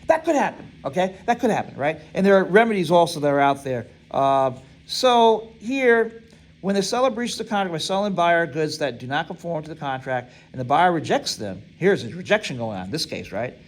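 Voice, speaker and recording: Poor audio captures a male instructor with a fairly high, sing-song voice speaking a little fast. In his lecture he reads passages aloud and quizzes the class to fill in the blanks, repeatedly asking "right?"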